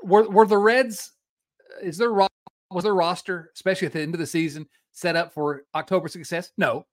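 A man's voice: high voice, brisk. A man co-hosting a podcast, ranting in casual sports chat, stopping and restarting his sentences. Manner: animated, ranting, with frequent restarts. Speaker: podcast co-host.

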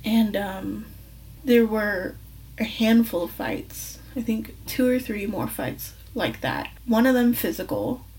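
A woman's voice: mid-range voice, lively intonation, takes it slowly, a little mellow, distant mic, rough recording. A young woman hosting a personal podcast, telling a story candidly and profanely, rambling and correcting herself, sometimes drifting off the mic. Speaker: podcast host.

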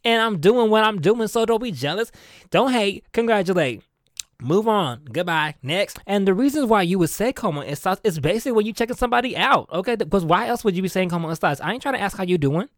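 A man's voice: sits high, animated, a little fast, dry recording, studio quality. A man hosting his own podcast, chatting casually in a sassy, playful, diva-ish way and laughing often. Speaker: podcast host. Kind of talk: casual solo podcast chat.

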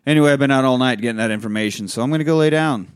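A man in casual podcast chat, recapping a film with lots of energy and cursing as he goes. He acts out the characters' lines in quick bursts. His voice sits in a middle range and sounds close and dry, with no room around it. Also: mid-range voice, smooth, dry recording. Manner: animated, acts out characters' lines while retelling, swears a lot. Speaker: podcast co-host.

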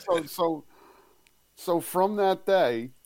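A man telling a story in casual chat, relaxed and rambling, with halting restarts. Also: high voice, no echo.

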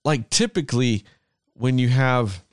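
A man's voice: mid-range voice, a little slow, smooth, no echo, clean studio sound. A man co-hosting a film review podcast, talking emphatically and sardonically. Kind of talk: casual film review chat.

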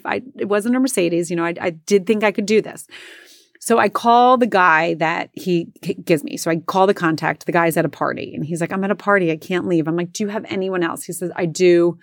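A woman's voice: fairly low pitch, a little fast, no room sound, clean studio sound. A woman in her forties casually telling a self-mocking story, acting out what everyone said. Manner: chatty, self-mocking, acts out quotes. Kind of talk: casual anecdote.

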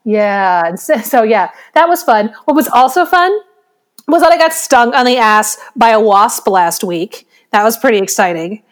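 A woman's voice: on the high side, animated, moderate pace. A woman co-hosting a podcast, telling a rambling story in casual chat and often breaking into laughter. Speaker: podcast co-host.

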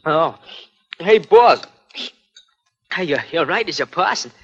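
A man's voice: a little high, expressive, slow pace, husky, faint music behind, heavily acted. An actor playing a nervous small-time male crook who stammers and talks in slang, in the manner of 1940s radio acting, heard on a muffled old radio recording. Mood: earnest.

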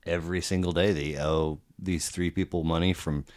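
A man's voice: deep voice, fairly even intonation, fairly quick. A man in his forties hosting a podcast, easygoing and conversational, often chiming in with short agreements. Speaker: podcast host. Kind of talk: casual conversation.

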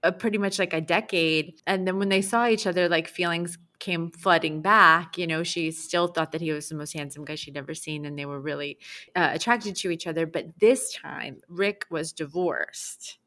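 Lower-voiced woman telling a story. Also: normal speed. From Long Island, New York. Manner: animated storyteller, laughs and puts on voices. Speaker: podcast co-host. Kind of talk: casual storytelling chat.

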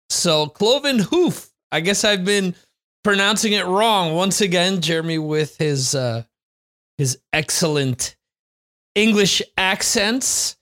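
A man's voice: high voice, pushed and bright, no echo, clean studio sound. A man hosting a podcast in a chatty, rambling way. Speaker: podcast host. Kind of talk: casual podcast chat.

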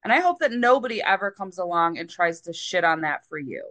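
A woman's voice: fairly low pitch, animated, fairly quick, fairly bright tone. A woman co-hosting a podcast in casual chat, giggling and breaking into laughter often. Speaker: podcast co-host.

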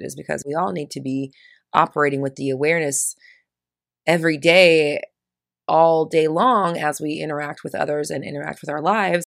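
Woman host, casual monologue, low gravelly voice with fry, sarcastic edge, dry close sound. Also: no room sound. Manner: chatty, swears casually; teasing, sarcastic asides. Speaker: podcast host. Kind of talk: casual spiritual talk monologue.

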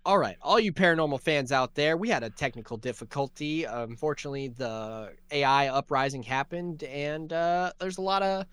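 Smooth-voiced, profane podcast co-host man. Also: fairly high pitch, normal speed, hardly any pauses, fairly bright tone, no echo, faint music behind. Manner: rambling, profane, joking. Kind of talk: casual chat.

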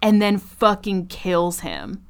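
A woman with a smooth, clean voice at an ordinary middle pitch, chatting on a podcast. She recaps scenes with loose, profane energy and frequent laughter. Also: takes it slowly. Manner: animated, profane retelling with laughs. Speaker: podcast co-host. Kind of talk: casual chat.

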